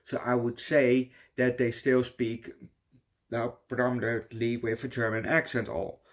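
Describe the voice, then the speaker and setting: A man's voice: medium pitch, flat delivery, measured pace. A young man from the Netherlands with a Dutch accent, ranting casually in a movie review, swearing and saying "yo" a lot. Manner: rambling, swears a lot, says "yo" often.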